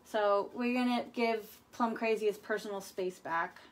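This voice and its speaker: A woman's voice: medium pitch, fairly even intonation, a little slow. A woman hosting a live furniture painting demonstration, chatty and playful as she talks viewers through each step.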